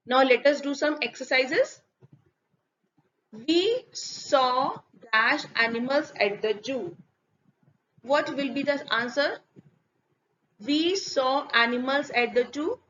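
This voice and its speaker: A woman with an Indian accent teaches English grammar, slipping into Hindi now and then. Her voice sits high and sounds bright. She steps slowly through example sentences, questioning and answering herself, on a slightly dull recording with a faint hiss behind. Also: lively intonation. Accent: Indian English, switching into Hindi.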